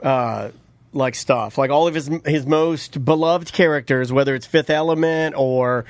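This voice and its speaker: A man co-hosting a podcast in casual studio chat, telling stories with loud, joking mock outrage. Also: mid-range voice, a little slow, no echo. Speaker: podcast co-host.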